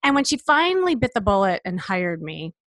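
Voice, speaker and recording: A woman's voice: medium pitch, a little fast, dry recording. Woman stylist telling a client story. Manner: lively, acts out dialogue in quotes. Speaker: personal stylist.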